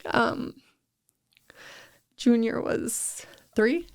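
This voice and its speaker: A woman's voice: fairly high pitch, very slow, vocal fry, dry recording, studio quality. A woman in her thirties co-hosting a podcast, telling her story candidly with many restarts and fillers. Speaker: podcast co-host. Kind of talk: casual chat.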